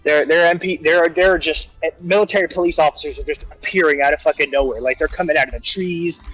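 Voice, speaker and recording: Man, soldier storyteller, slightly high voice, profane, rambling, dry close mic. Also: fast talker, no room sound, soft background music, rough recording. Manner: animated, profane, rambling with restarts. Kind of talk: casual storytelling on a livestream.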